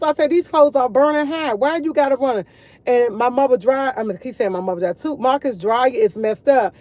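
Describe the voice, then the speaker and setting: Woman with a warm, mellow voice chatting. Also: on the high side, dry recording. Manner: rambling, repeats herself, addresses viewers as y'all. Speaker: vlogger. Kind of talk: casual morning chat to viewers.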